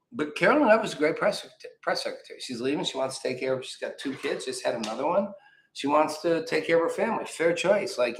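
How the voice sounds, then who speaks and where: A man's voice: mid-range voice, roomy sound, low-quality recording. A man hosting a political talk show, giving casual, opinionated commentary with sarcastic, mocking asides.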